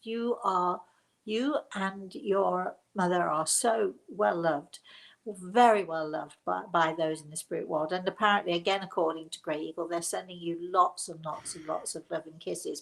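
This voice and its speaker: A woman's voice: lowish voice, vocal fry. A woman, a spirit medium hosting a live show, chatting fondly with viewers and calling them darling. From England. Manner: affectionate, calls viewers darling. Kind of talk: live-stream chat answering viewers.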